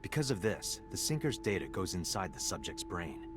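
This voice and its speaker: A low, dry male detective in a game, matter-of-fact, with loud music behind. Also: sing-song, moderate pace. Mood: explaining. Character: gruff male detective with an eye implant. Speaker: investigator. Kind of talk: game voice acting.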